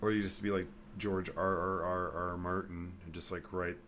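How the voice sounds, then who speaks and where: Deep-voiced dude hosting a podcast, chill, swears a lot, trails off. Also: male voice, flat delivery, moderate pace, fairly bright tone, slight background noise. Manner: laid-back, swears freely, trails off mid-sentence. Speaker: podcast host. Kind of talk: casual chat.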